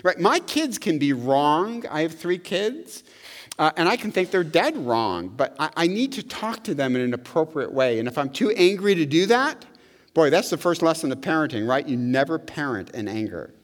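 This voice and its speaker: Male pastor, middle-aged, lively rising and falling delivery, slightly high voice, long hall reverb. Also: normal speed. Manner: animated, conversational preaching with frequent "right?". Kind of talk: sermon. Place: church sanctuary.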